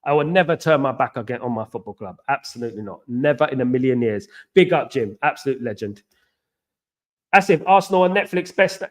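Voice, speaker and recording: An English man hosting a casual live stream, chatting with viewers in an animated, repetitive, banter-heavy way with slang shout-outs. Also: mid-range voice, fairly quick. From England.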